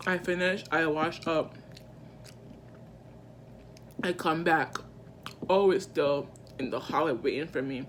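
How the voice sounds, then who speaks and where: A woman vlogger telling a personal story in casual storytime style, animated and slangy, with emphatic asides to her viewers. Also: deep voice, takes it slowly, long pauses, a little hiss or hum.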